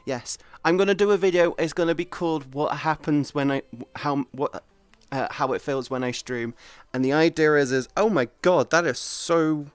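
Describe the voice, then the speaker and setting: A young woman chatting casually to her stream audience, expressive and excitable, swearing freely. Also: low-pitched, normal speed, clean tone, no room sound. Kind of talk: casual live-stream chat.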